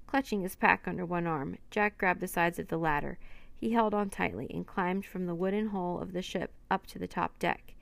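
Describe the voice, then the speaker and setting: A woman narrates a storybook in a steady, even way. Her voice sits fairly low with a gravelly rasp, and it sounds close and dry. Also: normal speed, no echo.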